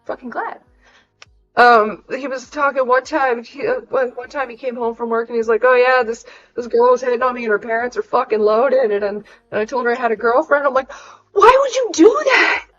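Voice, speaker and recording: A woman's voice: fairly high pitch, fairly even intonation, brisk, few pauses, dull audio, soft background music. A young woman, venting frankly and swearing freely on a casual livestream. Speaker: streamer.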